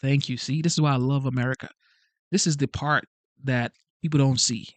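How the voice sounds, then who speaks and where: A man's voice: medium pitch, steady tone, brisk, dry recording. A man who came to the country as an immigrant, hosting a casual livestream, speaking in an earnest, pleading way and repeating himself. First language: not English. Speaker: channel host reading live chat.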